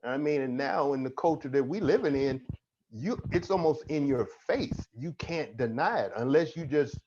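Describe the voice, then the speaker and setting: A man's voice: mid-range voice, expressive, normal speed, darkish tone. A man speaking as a counselor on a panel, emphatic with a repetitive, preacher-like cadence. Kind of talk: panel discussion. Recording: dull lo-fi audio with faint noise.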